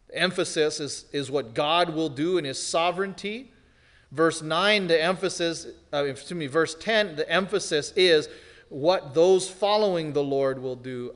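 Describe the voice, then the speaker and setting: Emphatic preacher in a reverberant hall. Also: male voice, a little high, unhurried. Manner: emphatic preaching that swings from loud to hushed. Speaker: pastor. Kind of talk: expository sermon.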